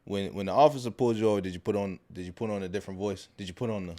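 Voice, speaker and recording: A man in his thirties co-hosting a podcast, talking in an animated, casual way and laughing often. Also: on the low side, racing. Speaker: podcast co-host. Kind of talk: casual chat.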